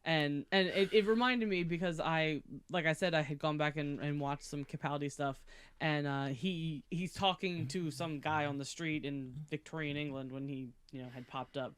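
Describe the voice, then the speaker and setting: Podcast co-host, casual chat, middle pitch, enthusiastic, giggly. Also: normal speed, a bit bright, smooth.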